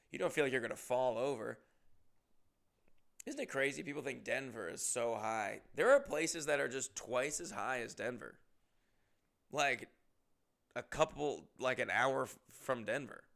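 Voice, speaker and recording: A young man, a comedian, telling a profane, animated tour story in a casual monologue, with loud bursts of emphasis. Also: mid-range voice, moderate pace, gravelly.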